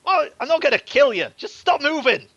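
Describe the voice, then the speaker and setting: A man voicing a swaggering bandit leader who talks in loud, mocking threats. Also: very high voice, very animated, no room sound, highs cut off, voice pushed up, heavily acted. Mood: menacing. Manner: loud, sneering, drawn-out threats.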